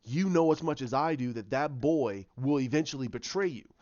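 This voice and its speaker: A man voicing a scheming ancient male dark lord who lectures in a slow, deep, commanding way. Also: expressive, dry recording, dull audio, natural voice. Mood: menacing.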